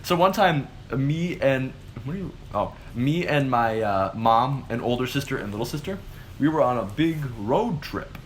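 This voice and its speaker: A man's voice: medium pitch, moderate pace, slight background noise. A man co-hosting a casual chat and telling stories animatedly, with lots of "like" as a filler. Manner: animated storytelling, heavy use of "like". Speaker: co-host.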